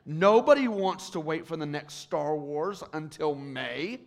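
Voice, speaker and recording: Male pastor, high voice, gravelly, preaching sermon, swings from hushed to loud. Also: expressive, unhurried.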